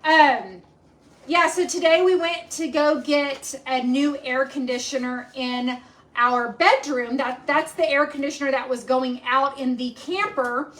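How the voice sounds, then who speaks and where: A woman's voice: high voice, steady tone, a little slow, a bit bright. A woman hosting a home cooking live stream, chatting in a rambling way with lots of ums as she cooks in her kitchen. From Texas. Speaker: cooking show host.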